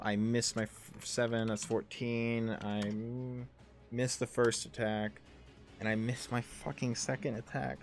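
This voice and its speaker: A man in his thirties narrates a tabletop game, stumbling through ums and restarts and tossing in casual curses. His pitch sits in a middling range, and faint music plays softly in the background. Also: level tone, unhurried. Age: 30s. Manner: rambling, full of ums and self-corrections, swears casually. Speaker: game master and player.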